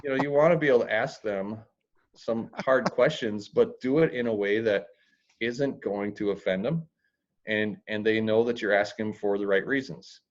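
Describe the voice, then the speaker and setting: A man with a low voice speaks plainly and bluntly as an interview guest. His humor is dry, and now and then he drops a crude word. The audio is dull and lo-fi. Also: moderate pace. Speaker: real estate investor guest. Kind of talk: podcast interview.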